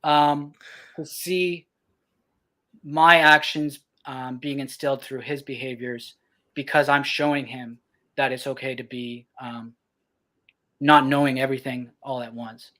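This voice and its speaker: A young man, a podcast co-host, talking about fatherhood in a reflective way, often pausing with ums. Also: medium pitch, fairly even intonation, pushed and bright. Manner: reflective, many ums and restarts. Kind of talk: casual podcast talk.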